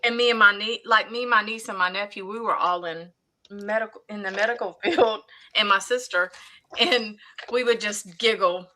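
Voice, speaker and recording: A woman's voice: mid-range voice, normal speed, sharp tone, poor audio. A woman, co-hosting a casual chat and laughing often as she tells stories. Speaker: co-host.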